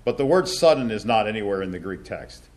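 A man teaching a Bible class, talking with many fillers and restarts and slowing down to stress key words. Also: fairly low pitch, expressive, a little mellow.

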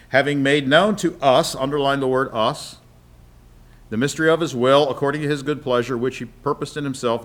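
A man giving a conversational Bible lesson. He reads scripture aloud with frequent asides, explains step by step and keeps checking in with his listeners. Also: medium pitch. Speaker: Bible teacher.

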